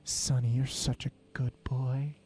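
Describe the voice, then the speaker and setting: A streamer doing a close, low whispered role-play voice that dotes on chat. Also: flat delivery, a little slow, lightly acted. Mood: doting. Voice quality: low, close-to-mic soft voice.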